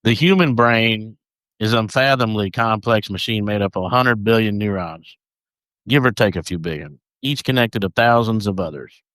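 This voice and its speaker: A man's voice: lowish voice, normal speed, a bit bright, dry recording. A man co-hosting a podcast, chatting casually and reading notes aloud, stumbling over names. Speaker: podcast co-host.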